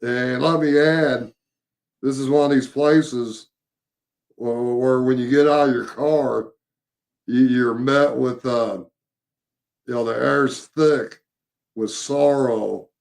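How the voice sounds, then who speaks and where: A man, casually recounting a paranormal investigation, halting with many fillers and repeated words. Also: mid-range voice, fairly even intonation, gravelly. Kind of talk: casual storytelling chat.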